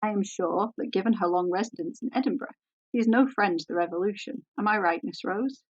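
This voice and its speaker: A woman voicing a confident young gentleman who speaks courteously with a mocking edge. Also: medium pitch, a little fast, highs cut off, lightly acted. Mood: placating.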